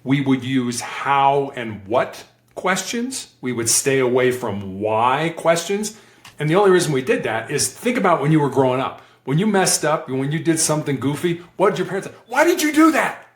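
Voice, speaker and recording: A man's voice: mid-range voice, normal speed, roomy sound. A man, a former hostage negotiator, telling stories in an interview and acting out the voices he quotes. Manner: animated, acts out quoted voices. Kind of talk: conversational interview storytelling.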